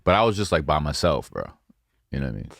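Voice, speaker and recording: Man, podcast co-host, casual chat, wry, reflective, deep voice, dry sound. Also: very animated, quick pace, vocal fry, fairly bright tone, dry recording.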